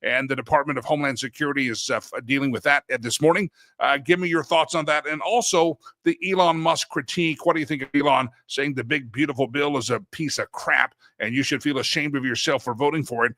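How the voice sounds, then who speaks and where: Bright-voiced middle-aged male talk host. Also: mid-range voice, steady tone, fast talker, few pauses, no room sound, clean studio sound. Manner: rambling, anecdotal, self-correcting. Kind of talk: casual talk show monologue.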